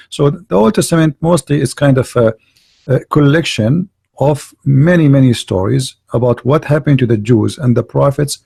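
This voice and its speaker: Gravelly man hosting a debate call. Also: mid-range voice, a little mellow, no echo. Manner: hesitant, repeats words, confrontational. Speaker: online debate host.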